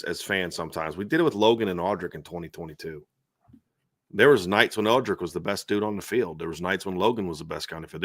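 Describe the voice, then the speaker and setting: Brief: male sports show host, animated and casual, restarts his sentences, recorded dry and close. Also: deep voice, no room sound. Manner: animated, repeats words when starting sentences. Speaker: podcast host. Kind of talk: casual post-game sports talk.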